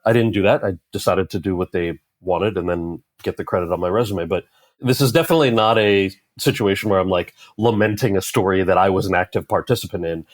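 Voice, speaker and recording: A low-pitched man in his forties tells a story in an interview and acts out the lines of the people he met. He sounds relaxed and talkative. The recording is close and dry, with no room sound. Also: fairly quick, no echo. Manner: animated anecdote-telling, quoting others in character. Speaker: actor and author, interview guest. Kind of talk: conversational storytelling.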